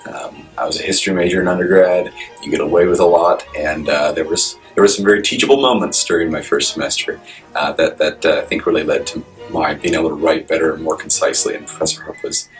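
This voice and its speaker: A man's voice: very deep voice, fairly even intonation, quick pace, distant mic, faint music behind, rough recording. A man, a law student, recalling class moments and laughing at his own stories. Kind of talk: anecdote told to camera.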